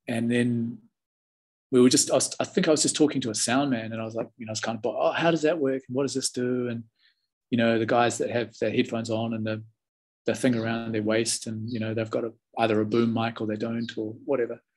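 A man's voice: mid-range voice, flat delivery, brisk, slightly rough. A man in his forties with a New Zealand accent, telling stories as an interview guest in a laid-back, chatty way with lots of restarts. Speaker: interview guest, former film extra. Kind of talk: casual storytelling.

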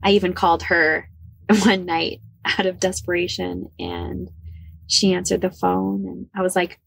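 A woman in her forties from the Midwest shares her own story as a podcast guest. Her voice sits low with a husky, breathy grain. She speaks candidly and earnestly, often repeating herself, in a dry, close recording. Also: steady tone, unhurried, a bit bright, dry recording. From American Midwest. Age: 40s. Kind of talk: personal storytelling.

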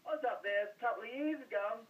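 A man's voice: extremely high pitch, fast talker, distant mic. Australian man on a muffled phone line. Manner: blunt, colloquial, calls people mate. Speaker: guest. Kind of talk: casual sports chat.

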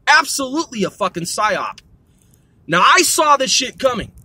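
Man, very high voice, bright tense tone, profane heated rant. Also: sing-song, normal speed, slightly rough. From United States. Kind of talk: ranting monologue.

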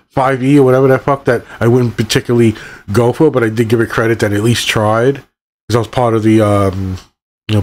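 A man's voice: mid-range voice, a little mellow. A middle-aged man ranting angrily about a movie, swearing constantly and rambling from point to point. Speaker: channel host reviewing a movie. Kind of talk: profane ranting movie review.

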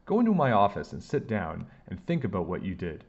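A man's voice: fairly low pitch, animated, brisk, highs cut off. A man voicing a stern film director and father who gives demanding orders. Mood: angry. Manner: shouting, demanding.

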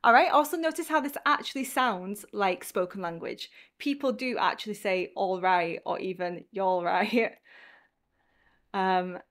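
A woman's voice: mid-range voice, animated, normal speed, fairly bright tone. Chatty woman teaching English writing. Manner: casual, chatty, explaining with examples. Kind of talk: instructional video lesson.

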